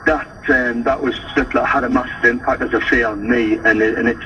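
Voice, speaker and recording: A man's voice: medium pitch, fairly even intonation, fairly quick. A man in his forties with a North East English accent, talking as a guest in a casual radio interview, hesitant and full of restarts. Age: 40s. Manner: hesitant, many restarts and fillers. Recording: distant, dull broadcast with noise.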